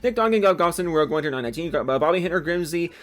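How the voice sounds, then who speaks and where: A man's voice: a little high, lively intonation, very fast. A young man rattling off a long list of supporter names, breaking off to joke and swear at himself. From Seattle area, USA. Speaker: YouTuber reading supporter names. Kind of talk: rapid-fire name reading with comedic asides.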